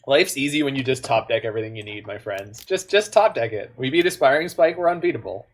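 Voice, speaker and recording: A man talking through his online card game in a loose, playful way. His pitch sits in an ordinary middle range, and he drops into quiet muttered asides between the louder jokes. The result is casual, chatty gameplay commentary. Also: lively intonation, fast talker. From Canada.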